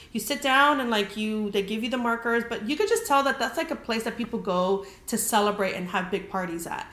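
A woman's voice: fairly high pitch, a bit bright. A young woman casually telling a story as a podcast host, chatty and full of "like", swearing freely. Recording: roomy echoey room.

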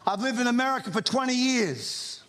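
High-voiced Australian pastor preaching. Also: male voice, expressive, normal speed, a bit bright. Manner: conversational preaching with humorous asides and repeated restarts. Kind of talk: sermon. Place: church before a congregation.

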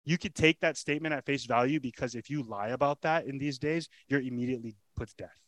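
A man's voice: mid-range voice, fast, a bit bright, no echo. A man preaching a sermon as pastor, telling the story with dramatic emphasis, rhetorical questions and repeated lines. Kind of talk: expository sermon.

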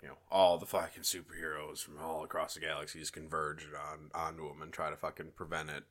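Man, very low voice, bright tone, casual rambling podcast chat, lots of swearing. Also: flat delivery, a little fast. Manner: rambling, profane, mimics his friend. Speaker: podcast co-host.

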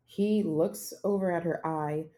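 Young woman, co-host, lowish mellow voice, chatty book talk that acts out the scenes. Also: steady tone, measured pace. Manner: chatty, acts out scenes and reads passages aloud. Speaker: podcast co-host. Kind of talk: casual book chat.

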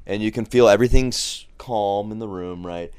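A man with a low, deep voice tells a crude story in a studio, swearing freely and slipping into the voices of people he quotes. The sound is dry and close, with no room echo. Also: moderate pace, clean tone. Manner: animated, swearing, acts out quoted lines. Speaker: podcast guest. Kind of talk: casual profane storytelling. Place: podcast studio.

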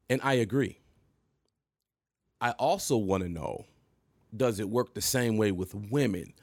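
A man in his thirties casually telling an animated story to camera, laughing and jumping high when he quotes himself. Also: takes it slowly, vocal fry, pauses often, no room sound. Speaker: vlogger.

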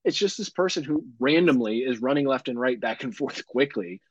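Husky, lively man joking around. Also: mid-range voice, normal speed, no room sound, highs cut off. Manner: joking, animated, swears freely. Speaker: podcast co-host. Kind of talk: casual chat.

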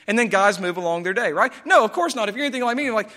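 A man preaching a sermon as pastor, lively and animated, acting out quoted pleas in a raised voice. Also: high-pitched, racing, few pauses, in a large hall.

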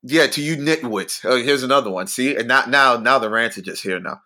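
A man's voice: mid-range voice, fairly quick, sharp tone. A man with a lisp co-hosting a podcast, talking in a blunt, crude, joking way. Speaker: podcast co-host. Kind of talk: casual podcast banter.

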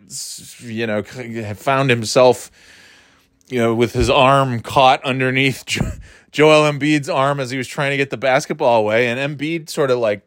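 A man in a casual sports talk, swearing freely and rambling, with frequent laughs and lively jumps in pitch. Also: no room sound, clean studio sound. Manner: profane, rambling, animated, laughs often.

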